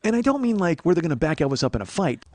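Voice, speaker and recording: A man's voice: fairly high pitch, big pitch swings, racing, darkish tone. A man hosting a comedy podcast, riffing through a rambling, profane monologue and cracking himself up. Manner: profane, rambling, breaks into laughter. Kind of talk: comic monologue.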